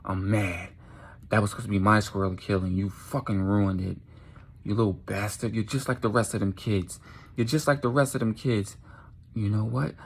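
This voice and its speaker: A furious, violent eleven-year-old boy who blows up when crossed, as a storyteller puts him on. His voice sits low and comes out husky and rough-edged. He rants in short, repeated bursts. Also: fairly even intonation, normal speed. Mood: seething. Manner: shouting, enraged.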